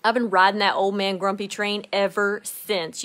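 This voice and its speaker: A woman's voice: medium pitch, steady tone, moderate pace, few pauses, pushed and bright. Chatty laughing woman crafting live. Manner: chatty, laughs often, reads viewer comments aloud. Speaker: craft channel co-host. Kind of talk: casual livestream chat while crafting.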